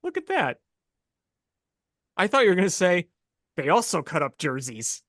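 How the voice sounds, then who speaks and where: A sports podcast co-host in casual chat, telling stories in an animated, incredulous way. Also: medium pitch, moderate pace, no room sound, studio quality.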